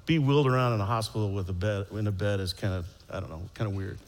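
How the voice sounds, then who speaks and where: A man's voice: fairly low pitch, fast talker, long reverb tail. A middle-aged American man telling a stand-up story. He rambles, mocks himself, repeats his phrases and acts out the sounds. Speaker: stand-up comedian.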